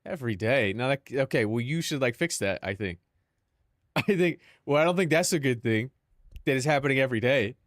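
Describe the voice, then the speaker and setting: A man's voice: medium pitch, expressive, a little fast, dry recording, studio quality. A young man chatting casually on a live stream, joking and mock-dramatic with lots of filler words.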